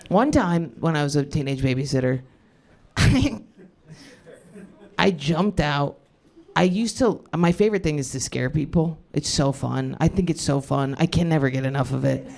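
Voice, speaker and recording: A woman's voice: low voice, vocal fry, a little mellow. A woman in her thirties doing crowd-work stand-up comedy on a club stage, rambling, cutting herself off and laughing at her own jokes. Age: 30s.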